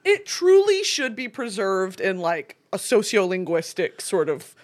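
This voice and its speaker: A woman's voice: medium pitch, very animated, unhurried. A young woman chatting as a podcast guest, wry, sarcastic and playful. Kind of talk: casual podcast chat.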